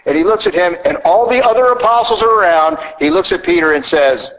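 A man's voice: high voice, expressive, brisk, fairly bright tone, rough recording. A man with a Southern American accent preaching a sermon, emphatic and teacherly, often asking rhetorical questions.

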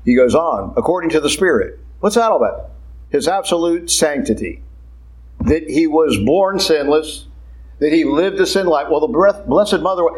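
A man, a priest, preaching a sermon in a church in an emphatic, conversational way, slowing down and speeding up. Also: fairly high pitch, rough recording.

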